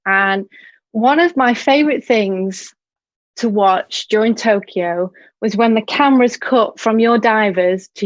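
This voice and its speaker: A woman's voice: medium pitch, no echo, highs cut off. A woman interviewing a guest over a video call, asking long, enthusiastic questions in a casual way.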